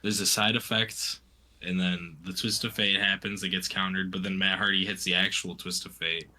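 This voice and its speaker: A man's voice: deep voice, little pitch movement, moderate pace, pushed and bright. A man co-hosting a casual wrestling podcast, wry and sarcastic, swearing casually as he picks apart the booking. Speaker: podcast co-host. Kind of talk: casual wrestling recap chat.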